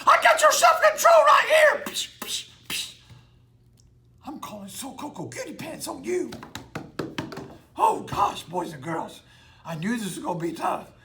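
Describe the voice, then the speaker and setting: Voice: medium pitch, gravelly, sharp tone, heavily acted. A performer voicing the goofy cartoon slacker Shaggy as host of a children's church puppet show, rambling and easily flustered. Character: goofy laid-back young man cartoon character, Shaggy.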